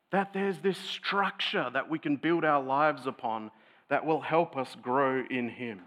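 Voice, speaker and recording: Bright-voiced male preacher. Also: fairly high pitch, slow. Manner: conversational, thoughtful teaching tone with occasional light laughs. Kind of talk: sermon.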